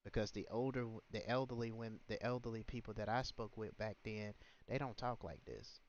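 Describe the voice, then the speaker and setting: A man's voice: lowish voice, fairly quick. A man hosting a livestream, talking in an indignant, scolding way with many rhetorical questions. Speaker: livestream host. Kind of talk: ranting livestream commentary. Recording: muffled, lo-fi stream audio.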